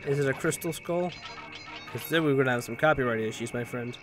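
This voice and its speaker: Let's-play guy, mid-pitched, casual and jokey, cusses, game music behind. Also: a little fast. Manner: rambling, jokey, swears, self-corrects. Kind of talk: casual gameplay commentary.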